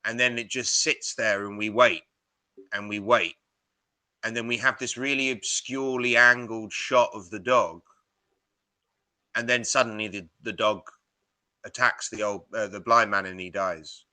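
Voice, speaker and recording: A man co-hosting a film podcast, rambling and animated as he retells scenes, with casual swearing. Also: fairly low pitch, unhurried, dry recording. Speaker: podcast co-host. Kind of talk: casual film-review chat.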